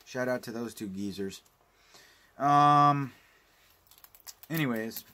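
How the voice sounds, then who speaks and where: A home video collector vlogger, male, does a casual unboxing review of home video releases, rambling, ranting and swearing plenty. His mid-range voice moves slowly and sounds pushed and bright.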